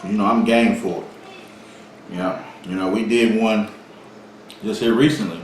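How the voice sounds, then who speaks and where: Unhurried and steady, this man's lowish voice carries through a very echoey room with faint background noise. He co-hosts a casual eating vlog, joking and boasting as he tells his stories.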